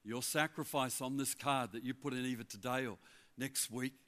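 Chatty older preacher. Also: male voice, medium pitch, moderate pace. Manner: animated, chatty storyteller with asides. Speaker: guest preacher, former pastor of the church. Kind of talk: sermon with personal storytelling. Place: church hall before a congregation.

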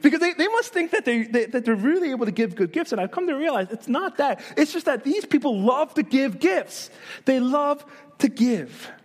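High-voiced man preaching a lively sermon. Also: fairly quick, hardly any pauses. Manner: animated preaching with rhetorical questions and humor. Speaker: pastor.

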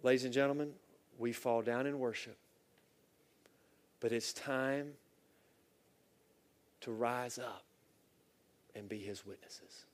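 A middle-aged male pastor preaching a heartfelt sermon, telling a personal story with swings from loud bursts to near whispers. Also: medium pitch, fairly even intonation, slow pace, pauses often. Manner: earnest, emotional storytelling with sudden loud bursts and soft, near-whispered lines.

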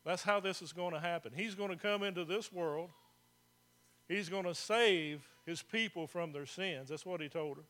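A man's voice: sits high, moderate pace, a bit bright. A man preaching a sermon as pastor, talking to the congregation in a conversational way, asking them questions and repeating phrases for emphasis.

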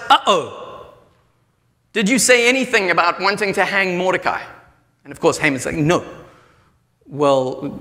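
A high-voiced, bright man preaches, retelling a story and acting out each character's lines with energy. His voice rings out with a long reverb, as if in a large hall. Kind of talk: sermon storytelling.

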